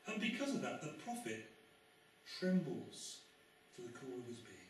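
A man's voice: mid-range voice, very animated, moderate pace, slight background noise. Man preaching in a very echoey church. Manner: conversational preaching with wry asides and emphatic rises. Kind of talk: sermon. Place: church sanctuary. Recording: very echoey church, mic far off.

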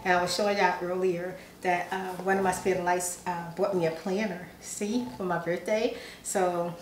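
A woman's voice: on the low side, fairly even intonation, normal speed, echoey room, slight background noise, rough recording. A woman vlogger who chats casually and giggles often while reading fan messages aloud, sounding sleepy. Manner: chatty, giggly, self-teasing. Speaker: ASMR vlogger.

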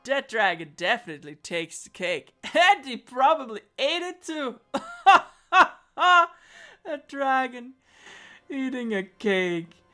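Giggly, slow-talking woman gamer. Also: on the high side, very animated, a bit bright, faint music behind. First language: not English. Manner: giggly, joking. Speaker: game streamer. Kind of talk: casual game commentary.

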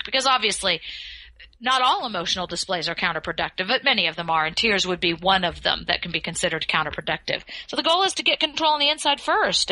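A woman who is a communication skills expert, answering podcast interview questions in a measured, articulate way. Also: medium pitch, sharp tone, no echo, poor audio. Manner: measured, advice-giving, articulate.

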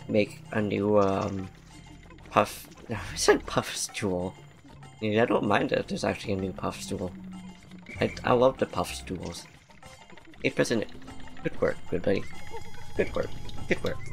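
A man's voice: fairly low pitch, gravelly, fairly bright tone. A man giving casual, rambling gameplay commentary, laughing often and using slang. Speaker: let's play commentator. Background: game music.

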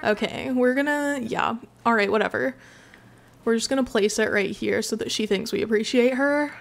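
Sleepy woman rambling thru her game, kinda high voice, jokes at her own expense. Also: normal speed, creaky. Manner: chatty, rambling, self-mocking, sometimes yawning. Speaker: gaming channel host. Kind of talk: casual gameplay commentary.

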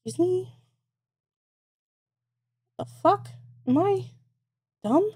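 A woman's voice: very high voice, expressive, extremely slow, darkish tone. A woman live-streaming as she crochets, thinking aloud, swearing a lot and mocking herself. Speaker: livestreamer. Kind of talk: casual live-stream chat while crocheting.

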